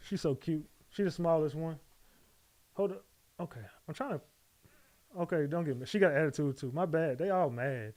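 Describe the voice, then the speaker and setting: Male streamer, slightly high-pitched, loose and casual, keeps repeating his thanks to viewers. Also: moderate pace, long pauses, no echo. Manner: loose and chatty, repeats his shout-outs. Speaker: livestream host. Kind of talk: casual livestream chat.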